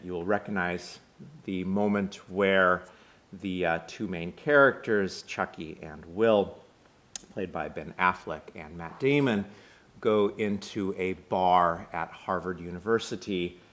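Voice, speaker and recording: A man with an American accent giving a conversational sermon, retelling a film scene with many small pauses. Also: low-pitched, a bit bright. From United States. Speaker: synagogue speaker.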